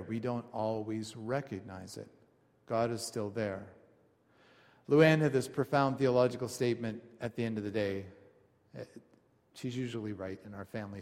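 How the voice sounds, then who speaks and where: A man preaching a conversational sermon, telling stories with animated asides to his congregation. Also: mid-range voice. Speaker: pastor. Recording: long hall reverb.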